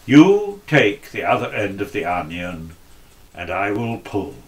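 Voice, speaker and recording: A man voicing a calm guardian angel in a story told within a sermon, speaking in a gentle, measured way. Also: on the low side.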